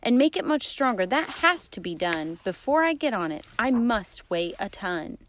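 A woman voicing a huge, kind and faithful male elephant, earnest and steady, in a storybook reading. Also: mid-range voice, moderate pace. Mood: musing.

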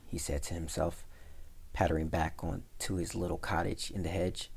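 A man, a community center director, reading a fable aloud with expressive storytelling. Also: low-pitched, normal speed, creaky, breathy edge.

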